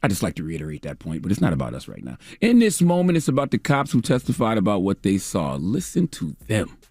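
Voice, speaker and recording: A male radio host gives a biting, sarcastic commentary, pushing his pitch up for the punchlines. His voice sits low and dry, recorded close in a studio with no room sound. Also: wildly swooping pitch, fast talker, vocal fry, a little mellow, no echo. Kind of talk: opinion commentary segment.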